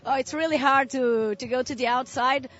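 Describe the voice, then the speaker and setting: A woman's voice: high-pitched, normal speed, a bit bright, dull audio. A woman athlete interviewed after her heat, friendly and speaking in simple second-language phrasing.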